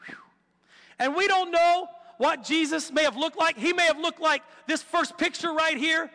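A man preaching a sermon, telling the story with animated, acted-out quotes and rhetorical questions. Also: very high-pitched, normal speed. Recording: long hall reverb.

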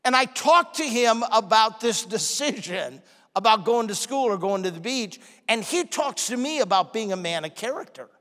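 A man preaching a sermon, telling a story and acting out the people in it with animated delivery. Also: high voice, normal speed. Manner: animated, acts out quoted people. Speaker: pastor. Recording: long hall reverb.

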